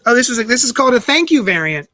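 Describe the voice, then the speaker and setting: A man hosting a live comic unboxing stream, chatty and animated, with playful self-mocking asides, talking into a desk microphone. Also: very high voice, very fast, no echo, clean studio sound. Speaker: comic shop host.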